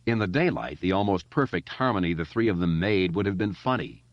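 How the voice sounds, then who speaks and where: A man reading a horror novel aloud as audiobook narration, measured and dramatic, in a slightly dull, lo-fi recording. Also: low-pitched, expressive, dry recording.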